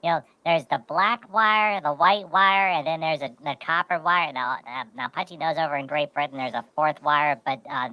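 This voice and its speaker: A man's voice: fairly high pitch, normal speed, few pauses, pushed and bright, no room sound, low-quality recording. A man co-hosting a casual podcast, telling rambling stories and repeating words as he goes. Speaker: podcast co-host. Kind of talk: casual chat.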